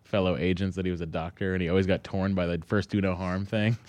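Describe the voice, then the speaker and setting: Lowish guy voice, dry close sound, wry jokes. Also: level tone, fast, darkish tone, no echo. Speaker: podcast co-host. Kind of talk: casual chat.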